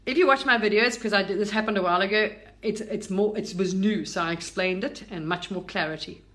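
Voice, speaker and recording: A woman's voice: medium pitch, brisk, a bit bright. A middle-aged woman from Britain, talking casually and with enthusiasm about spiritual experiences, rambling through restarts and asides. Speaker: spiritual content creator.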